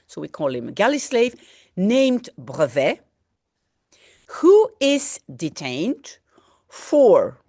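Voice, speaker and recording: A woman's voice: mid-range voice, no room sound, clean studio sound. A woman language teacher reading a French novel aloud and patiently translating it line by line, explaining vocabulary and often saying "hein".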